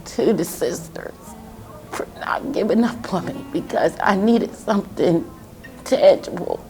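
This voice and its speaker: A middle-aged woman giving an emotional personal testimony, halting and pausing often. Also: on the low side, expressive, darkish tone, faint music behind. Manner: emotional, halting, with many pauses. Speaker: testimony speaker.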